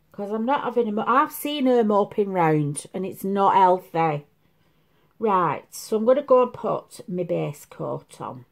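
A woman in her fifties chatting at home in a make-up vlog, rambling and confiding. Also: mid-range voice. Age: 50s. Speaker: make-up vlogger. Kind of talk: casual chat. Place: at home, seated.

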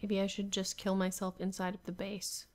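A woman's voice: medium pitch, monotone, moderate pace. Exasperated young woman narrating gameplay. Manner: exasperated, talks to herself, laughs often. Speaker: gamer. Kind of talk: Minecraft gameplay commentary.

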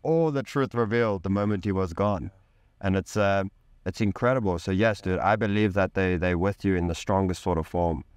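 A man's voice: low voice, normal speed, smooth, no room sound. A man speaking as a podcast guest, telling a candid personal story with intense emphasis, casual slang and swearing.

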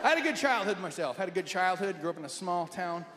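A man from Nebraska doing animated, jokey stand-up comedy in front of a live audience. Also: sits high, fast, a loud crowd, very noisy. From Nebraska, USA. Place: large venue with audience. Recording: live in an echoey hall. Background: loud audience laughter.

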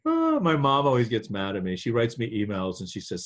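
A man being interviewed over a video call, chatting casually and animatedly with frequent laughs. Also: on the low side. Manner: animated, laughs often, quick asides. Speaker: actor guest.

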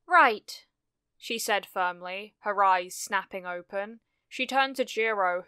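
A woman narrates a fan fiction story in a steady, measured reading voice. Her tone is smooth and clear. The recording is close and dry, with no room around it. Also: medium pitch, dry recording. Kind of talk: scripted narration.

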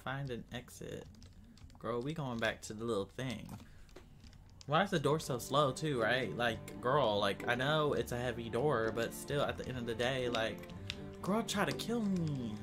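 A man's voice: medium pitch, animated, unhurried, music in the background. A man giving casual, dramatic gaming commentary, chatting to his viewers as y'all and breaking into screams when scared. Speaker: gaming streamer.

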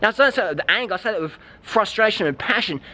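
A man's voice: sits high, lively intonation, fast talker, sharp tone. A man vlogging outdoors, giving a blunt, heavily profane, preachy rant to his viewers. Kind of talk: ranting vlog monologue.

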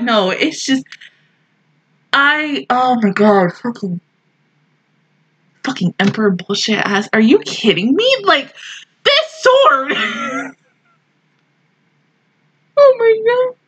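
A woman's voice: mid-range voice, a bit bright, breathy edge, rough recording. A young woman reacting to an anime episode in casual commentary, emotional and exclamatory, often swearing and laughing.

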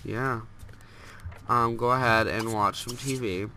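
A man's voice: medium pitch, fairly even intonation, slow pace, sharp tone, a little hiss or hum. A young man with a stuffed-up nose, rambling casually through gameplay commentary and scolding the characters on screen. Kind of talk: casual let's play commentary.

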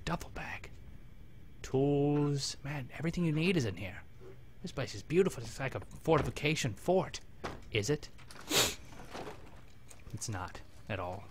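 A man casually commenting on his video game as he plays, rambling and joking, talking to his companion and breaking into sudden excited yelps. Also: medium pitch, measured pace, long pauses, noisy background. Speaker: gameplay commentator. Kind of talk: casual let's-play commentary.

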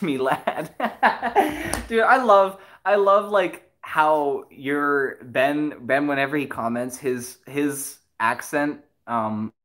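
Excitable, giggly stream host with a mid-range voice, rambling chat between songs. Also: mid-range voice. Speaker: livestream host and musician. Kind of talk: casual livestream chat.

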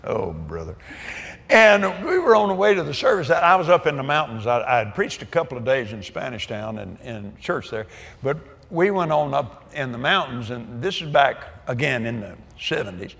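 A man's voice: medium pitch, very animated, moderate pace, creaky, a bit bright. An older man preaching, telling a story with laughter and folksy asides. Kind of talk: sermon storytelling. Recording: echoey hall reverb.

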